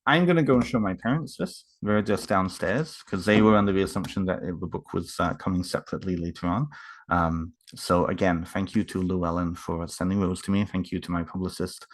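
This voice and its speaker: A man unboxing books in a casual home vlog, talking haltingly with many fillers and restarts, moved and emotional. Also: low-pitched, steady tone.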